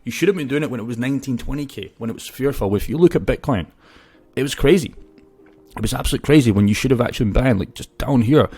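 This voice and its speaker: This crypto YouTuber talks fast in a husky, mid-range voice. Casual and brash, he swears his way through animated stories and opinions in a talking-head video.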